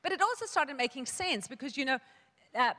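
Here the same woman pastor delivers a sermon in a church hall, her bright, somewhat high voice trailed by long echoes. She's expressive and a little fast, recounting a personal anecdote casually while frequently starting sentences over and quoting herself.

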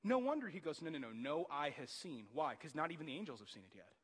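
A man in his thirties preaching a sermon, animated and jokey, often rising into loud excited outbursts. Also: on the high side, fast talker, husky. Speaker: pastor. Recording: long hall reverb.

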